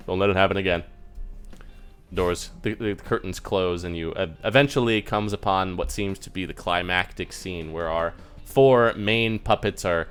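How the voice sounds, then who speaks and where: A man's voice: low voice, smooth. A man narrating a tabletop game as game master, telling it casually with frequent "like"s and laughs. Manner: casual, laughing storyteller with many "like"s.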